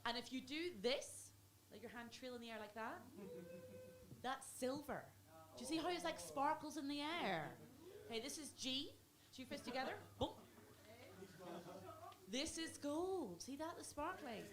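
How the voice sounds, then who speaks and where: A woman's voice: high voice, lively intonation, unhurried, pauses often. A woman performing a stand-up set in a comedy club, dry and self-mocking, chatting with the crowd. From Ireland. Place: comedy club before a live audience. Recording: live club recording with audible noise.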